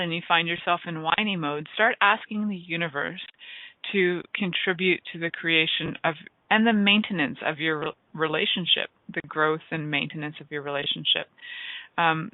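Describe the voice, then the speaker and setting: Her lowish voice reaches the listener through a dry, tinny line resembling a phone call, with no echo. She hosts a radio talk show, chatting with rambling enthusiasm and repeatedly breaking off mid-thought to restart.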